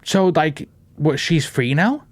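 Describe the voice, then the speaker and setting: A man's voice: on the high side, lively intonation, slow pace, dry recording. A man hosting a casual podcast, brash and joking, swearing and saying "bro" and "dude" a lot. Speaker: podcast host.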